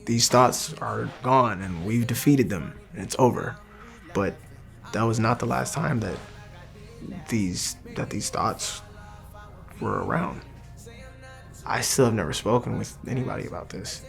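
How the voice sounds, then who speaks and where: A young man telling his personal faith testimony in an earnest, halting way, often restarting his sentences. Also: on the low side, gravelly, fairly bright tone, soft background music. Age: young adult. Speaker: testimony speaker.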